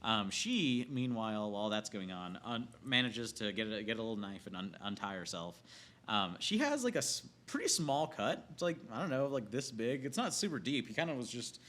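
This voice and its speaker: A man with a bright, sharp-edged voice rants casually about a movie. He rambles, swears freely and keeps cracking himself up. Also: medium pitch, sing-song, normal speed. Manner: profane, rambling, laughs often. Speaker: movie reviewer. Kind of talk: casual film rant.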